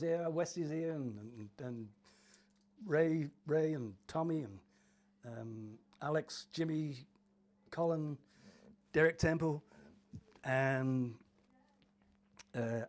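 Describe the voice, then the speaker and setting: A man's voice: on the high side, slow, long pauses. An older man from Cornwall, a former footballer, chatting through his memories in an interview and acting out the voices of old teammates. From Cornwall, England. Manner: chatty, laughing, acts out voices in his stories. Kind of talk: anecdotal interview storytelling.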